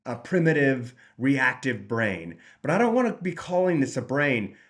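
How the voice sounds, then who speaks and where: A man's voice: medium pitch, very animated, moderate pace, fairly bright tone. A man, a recovery channel host, talks earnestly about his path out of addiction, rambling with frequent restarts and acting out his own thoughts in voices. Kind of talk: personal recovery talk.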